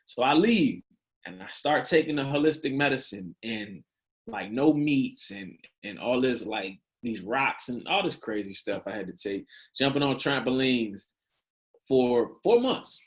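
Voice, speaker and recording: As a podcast guest, a man in his thirties shares a personal story candidly in loose, slangy language, acting out quoted dialogue with lively shifts. His voice is mid-pitched for a man, and he talks at a normal speed.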